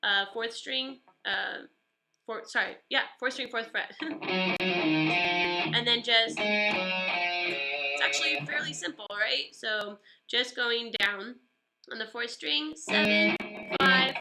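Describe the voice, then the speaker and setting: A woman's voice: fairly high pitch, lively intonation, slow, pauses often. A woman with a stuffy nose giving a chatty, upbeat live-streamed guitar lesson. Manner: chatty and upbeat, greeting viewers by name. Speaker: guitar teacher. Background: guitar playing.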